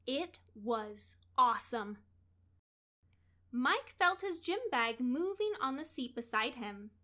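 Reading aloud from a children's book, a woman tells the story expressively and at a deliberate pace. Her voice sits high.

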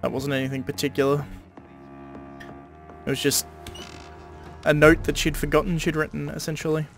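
An Australian man chats his way through a game, thinking aloud with plenty of ums. His voice sits a little high and has a gravelly, fried edge. Faint game music runs underneath. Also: level tone, moderate pace. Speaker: let's-play host. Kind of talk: casual gameplay commentary.

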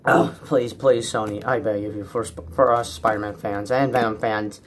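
A young man vlogging as a movie fan, anxious and exasperated, repeating himself and swinging from low mutters to cries. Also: steady tone, normal speed, slight background noise. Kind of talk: frantic solo rant.

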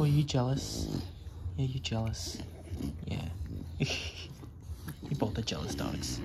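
A man filming his dogs at home, chatting casually and slipping into playful baby talk that jumps up high. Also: very animated, unhurried, long pauses. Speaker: dog owner filming his pets. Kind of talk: casual home video chat. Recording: home video with clear background noise.

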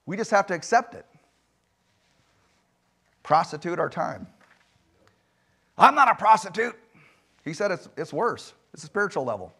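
Male pastor, high voice, emphatic sermon in a church, swings loud and soft. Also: very animated, normal speed, vocal fry, pauses often, slightly rough. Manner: emphatic preaching with rhetorical questions and sudden loud swings. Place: church sanctuary.

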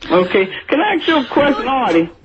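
A woman calling in, shouting profane insults in a very combative way over a dull phone line. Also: high voice, sing-song, fairly quick, a little hiss or hum. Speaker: caller.

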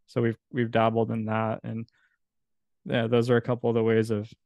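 A man's voice: medium pitch, monotone, moderate pace, darkish tone, no room sound, muffled recording. A man from California, a coffee business owner, talking casually as a podcast guest, rambling with fillers and restarts.

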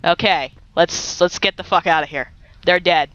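A young woman giving playful, excitable commentary while playing a video game, joking and talking to the creatures she meets. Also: mid-range voice, moderate pace, no room sound. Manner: giggly, silly and excitable, talks to game creatures. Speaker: gaming YouTuber.

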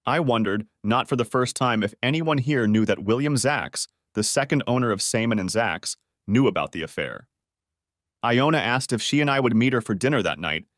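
A man reading a first-person story aloud in a steady, even narration. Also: medium pitch, no room sound, studio quality.

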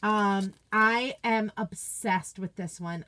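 Woman gushing over craft stuff, chatty and excited, talking to her viewers from her home office. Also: medium pitch, measured pace. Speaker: craft product seller and video host. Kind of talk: casual unboxing chat, reading viewer comments.

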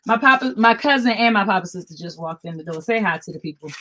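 A woman's voice: medium pitch, animated, quick pace, pushed and bright. An older woman hosting a live jewelry sales stream, chatting with viewers and repeating item codes.

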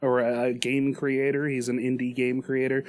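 A man's voice: medium pitch, level tone, moderate pace, no echo, studio quality. A man co-hosting a podcast in casual chat, joking and rambling with restarts and laughs. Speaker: podcast co-host.

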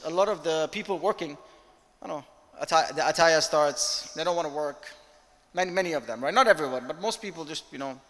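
Candid male lecturer in a reverberant hall. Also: fairly high pitch. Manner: candid, animated storytelling with direct questions. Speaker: guest speaker, company director. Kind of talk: interactive leadership lecture.

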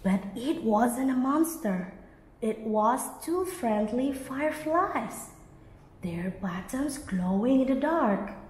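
A woman teacher reading a children's story aloud in a slow, expressive manner. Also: a little high. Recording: echoey, reverberant room.

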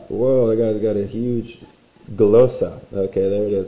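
A man's voice: lowish voice, fairly even intonation, a little slow, warm tone, muffled recording. Guy teaching a language lesson, playful, doodling as he goes, kinda echoey room. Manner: playful, drawing as he explains. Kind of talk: recorded lesson.

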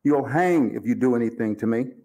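A man reading aloud, voicing an angry trapped man who blusters, threatens and shouts his demands. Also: medium pitch, a little fast, close to an everyday voice. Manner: shouting, indignant.

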